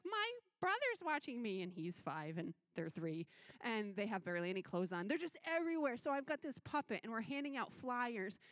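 A woman youth minister giving a missions testimony sermon, telling her story in an animated way and acting out the voices she quotes. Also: medium pitch, no echo.

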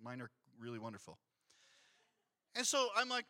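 A man's voice: medium pitch, moderate pace. A man in his thirties preaching a sermon as a pastor, telling a family story and acting out what people said. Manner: storytelling, animated, acts out quotes. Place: church sanctuary.

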